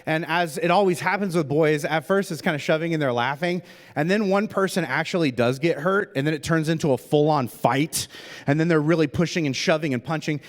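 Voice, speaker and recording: A middle-aged male pastor giving a humorous sermon, chatty and self-deprecating, with plenty of "uh"s and "like"s. His voice sits a bit high for a man. A long reverb from the church auditorium trails after each phrase. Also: fairly quick.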